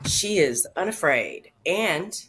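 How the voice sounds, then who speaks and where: A woman's voice: low voice, big pitch swings, takes it slowly, a bit bright, slightly rough. A woman speaking earnestly and from the heart as a regular on a radio talk show, in casual conversation. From Chicago area. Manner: earnest, heartfelt, tearful at times.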